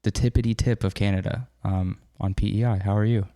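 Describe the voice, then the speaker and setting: Gravelly-voiced man hosting a casual podcast. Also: on the low side, fairly even intonation, brisk, warm tone, no echo, studio quality. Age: 30s. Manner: loose, swearing, chatty. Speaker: podcast host. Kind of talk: casual chat.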